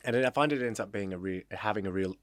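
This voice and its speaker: Podcast host guy, super deep voice, dry close mic, asks friendly rambling questions. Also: quick pace, no echo. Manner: chatty, encouraging questions. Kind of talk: interview conversation.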